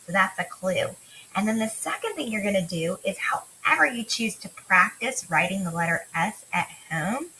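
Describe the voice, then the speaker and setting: Woman teacher for a kids' phonics lesson, slow and clear, brightish voice, faint hiss on the recording. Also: medium pitch, poor audio. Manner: slow, warm sing-song teacher talk, drawing out letter sounds. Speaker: kindergarten teacher. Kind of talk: remote phonics lesson for young children.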